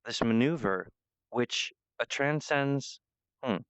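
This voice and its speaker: A man's voice: medium pitch, takes it slowly, fairly bright tone, clear, resonant tone, no room sound. A man giving a meandering spiritual monologue, full of fillers and restarts.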